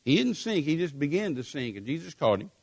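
Male preacher, high voice, emphatic sermon, repetitive, animated storytelling. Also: fairly quick, vocal fry, slightly rough.

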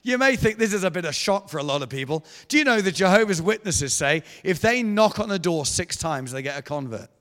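A man preaching a sermon in a church, telling a story with animated delivery and acted-out voices. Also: high voice, fairly quick, hardly any pauses. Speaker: guest preacher. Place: church hall. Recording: echoey church hall.

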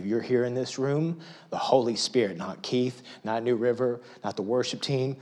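A middle-aged male pastor preaching a sermon in a church, dropping to near-whispers and rising to loud, emphatic pleas. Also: medium pitch, normal speed. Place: church auditorium.

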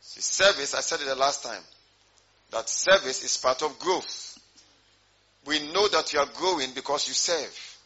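A man's voice: mid-range voice, unhurried, bright, forceful tone, slightly rough, highs cut off. A man preaching a sermon as pastor, repeating his points and putting questions to the congregation.

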